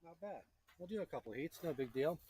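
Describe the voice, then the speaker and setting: A man's voice: on the high side, animated, brisk, dark tone, slight background noise, poor audio. A man teaching a beginner to forge in a blacksmith shop, chatty, joking and encouraging as he works. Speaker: blacksmithing instructor. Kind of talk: hands-on teaching while forging.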